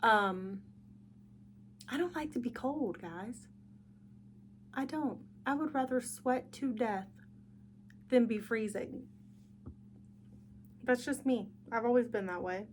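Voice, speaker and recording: A woman's voice: a little high, takes it slowly, long pauses, a little hiss or hum. A young woman hosting a casual solo podcast, tired and yawning, chatty and reflective. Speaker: podcast host.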